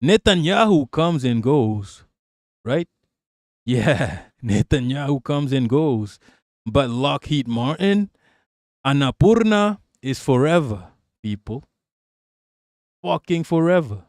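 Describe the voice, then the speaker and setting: A man's voice: mid-range voice, animated, takes it slowly, long pauses, darkish tone, no room sound, studio quality. A man from Malaysia hosting a livestream, ranting casually about politics with lots of swearing and jokes, reading out chat. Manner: profane, joking, reads chat aloud. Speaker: livestream host.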